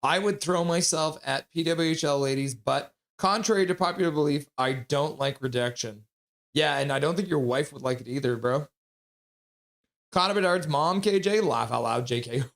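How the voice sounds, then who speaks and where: A man's voice: on the high side, moderate pace, creaky, a bit bright. A man hosting a hockey live stream, chatting casually and reading viewer comments aloud with frequent laughs. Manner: chatty, reads chat messages aloud and laughs often.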